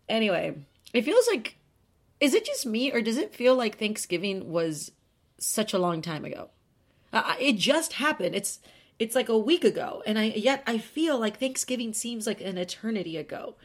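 A woman's voice: mid-range voice, big pitch swings, normal speed. A woman hosting a podcast, talking in a chatty, rambling, self-deprecating way. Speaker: podcast host. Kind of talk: casual chat monologue.

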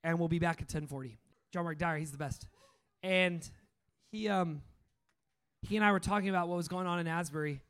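A young male speaker with a noticeably high voice delivers a loose, conversational sermon. He tells stories with excitement and breaks into easy laughs. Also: brisk, clear, resonant tone. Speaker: speaker at a training school. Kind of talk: informal sermon talk.

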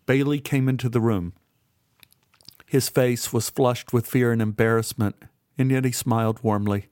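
A man reading an audiobook aloud in first person with a measured, steady delivery. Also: medium pitch, no room sound, clean studio sound. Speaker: audiobook narrator. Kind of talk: first-person storybook narration.

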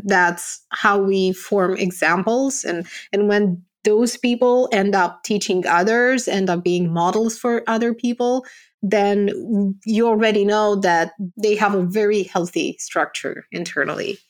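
A woman interviewer with a mid-range voice speaks in a thoughtful, reflective way. She weighs her guest's story and draws out what she values in it. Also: mid-range voice. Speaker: host.

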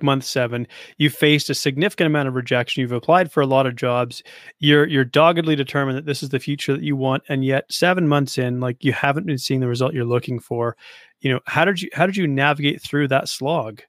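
A man's voice: mid-range voice, fast talker, fairly bright tone, no room sound, clean studio sound. A man interviewing a guest, asking engaged follow-up questions in a casual way.

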